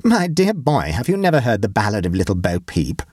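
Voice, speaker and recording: A man voicing a mischievous young gentleman prankster with a breezy, teasing manner. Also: on the low side, sing-song, fairly quick, dry recording, studio quality. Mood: amused, mocking.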